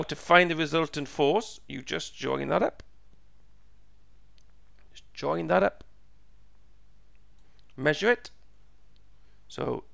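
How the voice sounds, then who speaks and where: Man, teacher, gravelly and hoarse, slightly high voice, patient, repeats steps. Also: a bit bright, no room sound. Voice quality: gravelly, croaky. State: voice going hoarse. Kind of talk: step-by-step physics lesson.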